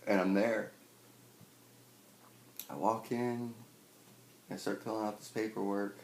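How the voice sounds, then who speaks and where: A young man in his twenties, swearing a lot and telling a personal story with wry humor, acting out scenes loudly at times. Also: fairly low pitch, steady tone, takes it slowly. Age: 20s. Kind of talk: personal storytelling, stand-up style. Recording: echoey room with faint noise.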